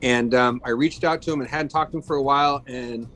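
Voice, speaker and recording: A man's voice: mid-range voice, steady tone, a little fast, fairly bright tone, a little hiss or hum, rough recording. A man in his fifties, a guest in a casual interview, telling stories about his work in a chatty way with many fillers and restarts. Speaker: guest, makeup effects artist.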